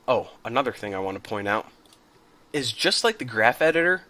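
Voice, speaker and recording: A man hosting a casual screen-recorded software tutorial, relaxed and chatty, talking straight to his viewers and now and then clearing his throat. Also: mid-range voice, a little fast.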